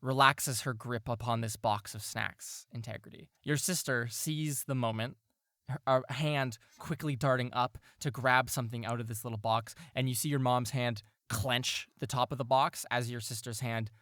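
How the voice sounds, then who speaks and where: A game master narrating a tabletop role-play in a loose, rambling way, full of fillers and laughter. The voice is bright and the recording close and dry, with no room around it. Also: medium pitch, steady tone, moderate pace, no echo.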